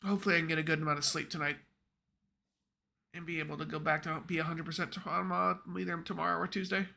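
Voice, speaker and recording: A man's voice: on the high side, little pitch movement, fast, gravelly, sharp tone. A man streaming a video game live, chatting offhand with a congested, nasal voice. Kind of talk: casual live gameplay commentary.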